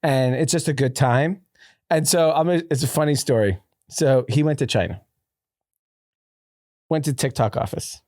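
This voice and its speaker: Animated storytelling man, dry sound. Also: medium pitch, normal speed, long pauses, dry recording. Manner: animated storyteller, laughs often, swears. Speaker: podcast co-host. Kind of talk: casual chat.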